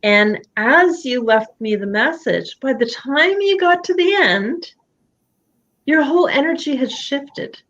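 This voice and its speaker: In a candid live coaching session held in her home office, a woman speaks expressively and acts out quoted thoughts in other voices. Her high voice is animated yet slow and a bit bright, and the recording sounds lo-fi.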